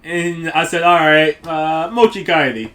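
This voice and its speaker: A man's voice: on the high side, steady tone, measured pace, bright, forceful tone. A man co-hosting a casual podcast, laughing often as he tells a story and mimics the people in it. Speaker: podcast co-host.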